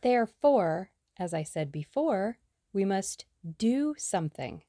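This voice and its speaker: A woman reading the lines of a brisk, bossy young woman sleuth in an audiobook, speaking emphatically and decisively. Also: mid-range voice, sing-song, warm tone, dry recording, clean studio sound, pitched above the performer's own voice.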